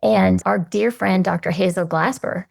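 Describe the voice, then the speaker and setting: A woman guest on a podcast, answering in an earnest, measured, reflective way. Her voice has strong vocal fry throughout and sits in a middle register. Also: medium pitch, fairly even intonation, a little mellow.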